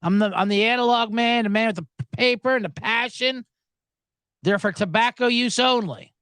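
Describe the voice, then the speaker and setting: A man's voice: very high-pitched, normal speed, a bit bright, smooth, no echo. A man hosting a sports betting podcast in casual chat, rambling, jokey and profane, often stammering and restarting his sentences.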